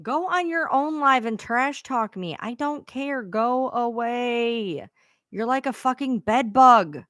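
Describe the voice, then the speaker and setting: A woman's voice: sits high, animated, a little slow, hardly any pauses, fairly bright tone, dry recording, studio quality. A woman hosting her own live stream, venting to viewers in a frustrated, profane rant. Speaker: livestream host.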